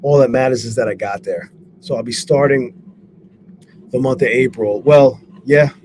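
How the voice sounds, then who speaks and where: A man on a live stream, swearing a lot and talking excitably while he reads out viewers' names and goes over his trades. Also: medium pitch, moderate pace. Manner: profane, excitable, shouts out chat viewers. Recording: steady background noise.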